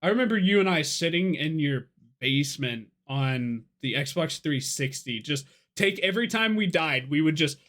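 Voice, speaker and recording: A man's voice: on the high side, lively intonation, moderate pace, hardly any pauses, fairly bright tone. A young man co-hosting a casual drinking podcast, tipsy, rambling and profane, laughing often. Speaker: podcast co-host.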